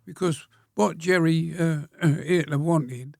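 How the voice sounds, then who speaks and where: Recorded close and dry, a hundred-year-old war veteran reminisces as an interview guest, speaking plainly and slowly with frequent pauses and throat-clearing. His gravelly voice sits a little high, is a little mellow, and keeps a fairly even intonation.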